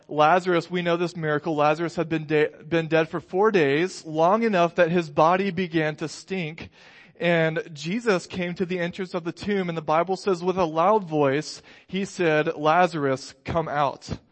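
A man preaching a sermon in a relaxed, conversational way, telling stories with light humor. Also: a little high. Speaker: pastor.

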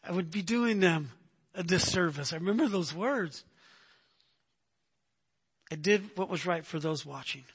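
A man's voice: high voice, unhurried, pauses often, a bit bright, breathy edge. A man preaching a sermon, emphatic and repeating "right?" to his listeners. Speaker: pastor.

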